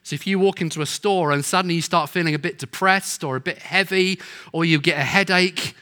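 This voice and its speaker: A man's voice: a little high, fairly quick, pushed and bright. A middle-aged man preaching a sermon, telling stories and acting out the people in them. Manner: storytelling, acts out quoted voices.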